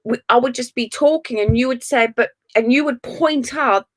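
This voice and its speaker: A woman's voice: on the high side, normal speed. A woman guest, a former client, speaking in an earnest, reflective way in casual conversation.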